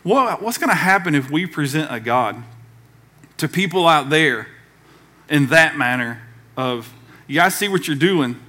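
A man's voice: on the high side, animated, measured pace, long pauses, pushed and bright. A man from the American South preaching a conversational sermon as pastor, acting out quoted voices along the way.

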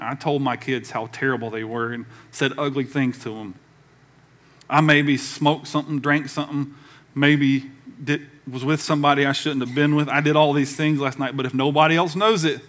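A middle-aged man, preaching a sermon in a church in a lively, conversational way that acts out the voices he quotes. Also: mid-range voice. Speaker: pastor. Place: church sanctuary.

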